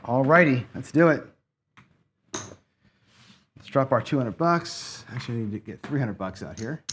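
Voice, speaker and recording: A man talks his way through a craps session at an unhurried pace, counting chips and grumbling at the dice. His pitch sits in the middle for a man. A faint hiss of noise runs under the recording. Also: expressive, fairly bright tone. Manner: frustrated, swearing, muttering to himself. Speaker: craps channel host. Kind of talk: casual play-by-play while gambling.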